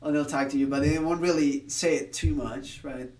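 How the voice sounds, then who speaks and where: A man's voice: fairly high pitch, fairly even intonation, normal speed, a little mellow, echoey room, far from the mic, rough recording. A man from Spain chatting casually on a live stream, rambling with restarts, laughing and swearing now and then.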